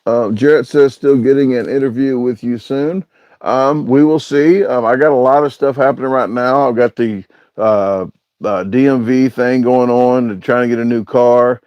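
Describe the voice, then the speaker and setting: A man chats his way through a casual livestream, reading viewer comments aloud and wandering through his answers with plenty of hesitant filler sounds. His voice sits at a mid pitch, recorded close and dry with a slightly dull, lo-fi tone. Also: steady tone, moderate pace, smooth, dry recording. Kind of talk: casual live-stream chat.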